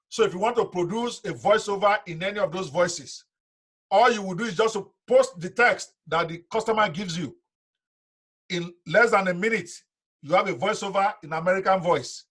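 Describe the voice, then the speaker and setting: A man's voice: high-pitched, a bit bright. A middle-aged man, giving a live training lecture to his students in an emphatic, direct way. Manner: emphatic, talks straight to students. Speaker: online business instructor.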